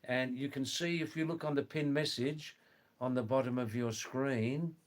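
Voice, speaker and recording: An older man with an accent between British and Australian, a retired nurse chatting on a live stream slowly and deliberately. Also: medium pitch. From England, raised in Australia. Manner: slow, deliberate, with many fillers. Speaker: livestream host, retired nurse. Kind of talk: casual live-stream chat.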